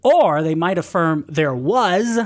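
Man, radio talk guest, a bit higher pitched, earnest, explanatory. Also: expressive, slow pace. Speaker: Catholic apologist radio guest.

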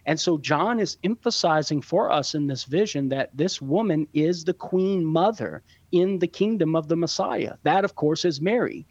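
Measured teacherly man, muffled audio. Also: a little high, darkish tone, no echo. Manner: measured, teacherly, explains step by step. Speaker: guest Catholic apologist answering questions. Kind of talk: radio Q&A explanation.

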